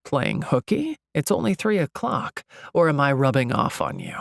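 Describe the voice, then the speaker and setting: A woman reading an audiobook voices a relaxed, teasing young man with a deep, rumbly voice. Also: moderate pace, gravelly, no echo, clean studio sound, full character voice. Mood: easygoing.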